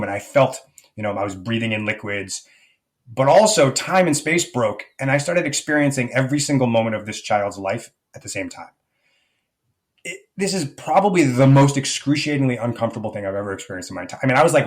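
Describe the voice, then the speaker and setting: A man speaks quickly and earnestly, telling a deeply personal story as a podcast guest. His pitch sits in a middle range, and his talk is full of loose fillers as he tumbles from one thought to the next. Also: expressive. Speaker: guest, life coach.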